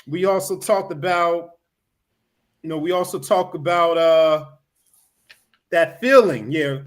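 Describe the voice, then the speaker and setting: A man's voice: on the high side, slow. A man hosting a casual podcast chat over a video call, rambling with lots of "you know" fillers.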